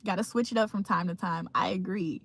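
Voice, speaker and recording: A woman's voice: on the low side, a little fast. A young woman from Virginia hosting a casual morning livestream, reading chat comments aloud in a laid-back, chatty way and laughing often. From Virginia, USA. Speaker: livestream host.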